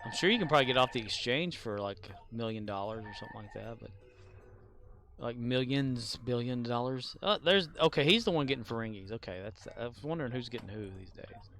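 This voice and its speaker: A man's voice: mid-range voice, animated, fairly quick, fairly bright tone. A man streaming a game and chatting casually, rambling, self-deprecating and swearing freely. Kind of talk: casual chat while gaming.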